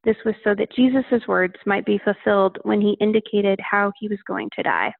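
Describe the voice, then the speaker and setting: Gravelly woman reading scripture. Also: medium pitch, steady tone, moderate pace, dry recording. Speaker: scripture reader. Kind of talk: Bible reading. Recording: tinny phone-like line.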